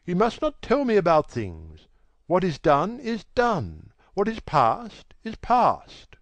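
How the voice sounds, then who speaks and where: A man reading an audiobook, voicing a vain, cold young gentleman who talks in a languid, dismissive way. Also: sits high, wildly swooping pitch, slow pace, dry recording, voice pushed up, exaggerated voice. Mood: defiant. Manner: languid, self-assured, dismissive. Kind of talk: audiobook character voice.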